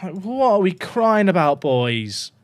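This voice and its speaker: A man's voice: sits high, very animated, takes it slowly. A man livestreaming a football management game, talking to his chat in a despairing, dramatic way and swearing. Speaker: streamer. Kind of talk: casual livestream gaming commentary.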